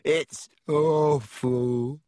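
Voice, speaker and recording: Man voicing a schoolgirl ghost, gleeful, taunting, slow drawn-out lines, higher pitch. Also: fairly even intonation, dark tone, no echo, studio quality. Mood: gloating. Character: gloating ghost of a teenage girl.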